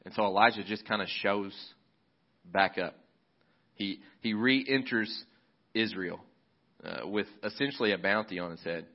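A man's voice: on the low side, a little slow, pauses often. A male pastor preaching a sermon in a casual, conversational storytelling manner. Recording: slightly muffled recording.

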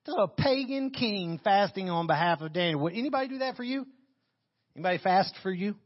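A man with a high-pitched voice delivers a sermon as pastor, reading scripture and stopping to comment on it with animated emphasis. He talks into a handheld microphone in a church. The recording sounds muffled and lo-fi. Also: brisk. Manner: animated preaching, reads scripture and then comments on it.

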